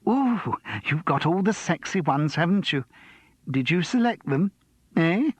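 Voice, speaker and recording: Man playing a giddy flirtatious woman, squealing, very high pitch, gossipy. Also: expressive, measured pace, breathy edge, no echo. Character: giggly flirtatious woman contestant.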